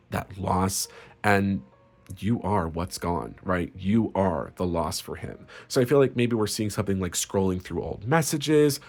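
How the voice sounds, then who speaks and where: A man giving a casual tarot reading in a crude, sarcastic and gleefully spiteful way. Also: on the low side. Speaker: tarot reader.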